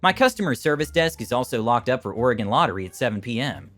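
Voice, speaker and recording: A man giving an expressive, scripted narration of first-person internet stories. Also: mid-range voice, quick pace, faint music behind.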